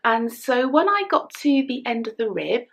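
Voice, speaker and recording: A woman's voice: on the high side, sing-song, moderate pace, creaky. A middle-aged English woman chatting to camera in a casual knitting vlog, emotional and close to tears, her voice often dropping to a whisper. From England. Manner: chatty, emotional, soft-spoken, drops to whispers. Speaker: knitting vlogger.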